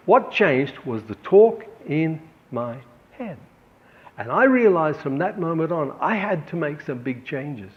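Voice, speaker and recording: A middle-aged man with an Australian accent telling a personal story as an art teacher, earnest and animated as he voices his own inner thoughts. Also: on the high side, a little slow. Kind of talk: talking to camera about art practice. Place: art gallery. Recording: slightly dull, lo-fi sound.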